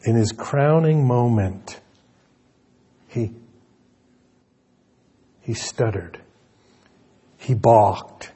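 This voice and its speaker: A man's voice: mid-range voice, lively intonation, extremely slow, pauses often, mellow, husky. A male pastor preaching a sermon in an earnest manner, often repeating words as he restarts a thought.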